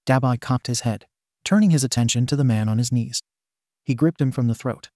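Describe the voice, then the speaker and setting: A man narrating a fan fiction story in a steady storytelling manner. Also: medium pitch, brisk, no echo, clean studio sound.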